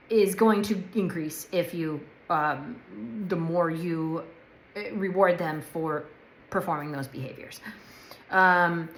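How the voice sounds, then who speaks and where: A woman's voice: on the low side, a little hiss or hum. A woman dog trainer giving a casual instructional talk. She talks chattily and checks in often with "right?" and "okay?". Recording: echoey room.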